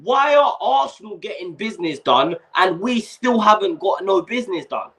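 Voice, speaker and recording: A young man hosts a casual fan livestream, ranting in slang and swearing as the heat gets to him. His voice sits a little high and swings wildly up and down. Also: lively intonation, moderate pace, sharp tone. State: overheated. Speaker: fan channel host.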